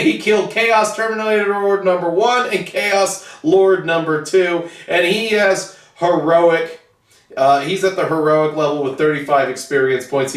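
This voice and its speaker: A man's voice: fairly high pitch, a bit bright. A man host ranting bluntly and profanely in a casual monologue about his tabletop hobby, in his basement hobby room. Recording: echoey room, far from the mic.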